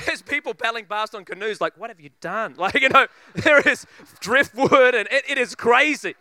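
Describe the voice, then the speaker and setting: A preacher telling a funny story in a sermon, acting out voices and laughing often. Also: male voice, sits high, bright, forceful tone, no echo.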